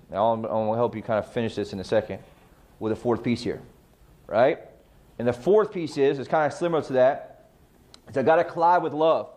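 Here a male sales trainer, his voice on the high side and a little mellow, coaches real estate agents on client communication. He's emphatic, firing off rhetorical questions and answering each one himself.

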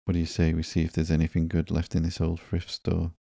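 A man reading the lines of a flippant, joking reformed woman villain in a comic, in his own deep, gravelly voice. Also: completely flat delivery, quick pace, mellow, no echo, studio quality.

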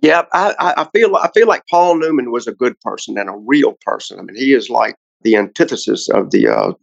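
A man's voice: medium pitch, expressive, fairly quick, vocal fry, no room sound, highs cut off. A man, a car collector guest on a podcast, telling a long story in a casual, rambling way with many restarts.

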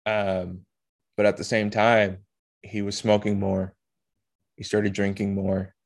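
A man hosting a podcast, telling a personal story in an emotional, halting way with blunt swearing. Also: on the low side, level tone, vocal fry. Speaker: podcast host.

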